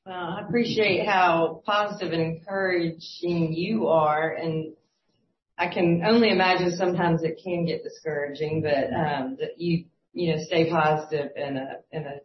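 A woman hosting a Christian talk show, speaking in a gentle, affirming way with some fillers. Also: low voice, fairly even intonation, normal speed. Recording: roomy, dull lo-fi recording.

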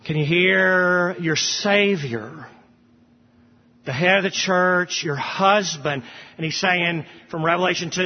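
A man's voice: a little high, a little slow. Impassioned male preacher in an echoing church. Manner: impassioned preaching, rising for quoted scripture. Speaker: pastor. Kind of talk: sermon. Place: church sanctuary. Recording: dull sound with long hall reverb.

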